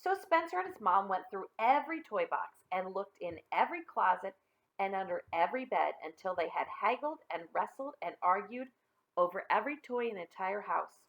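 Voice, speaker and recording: A woman reading a picture book aloud to children in an expressive, friendly way. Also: mid-range voice, lo-fi sound. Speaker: storybook reader.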